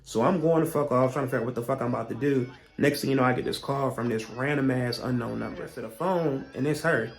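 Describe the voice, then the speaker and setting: A young man telling a storytime vlog, profane and heated, with animated rants he acts out as quotes. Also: mid-range voice, quick pace, gravelly, hardly any pauses. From Virginia, US. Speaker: vlogger.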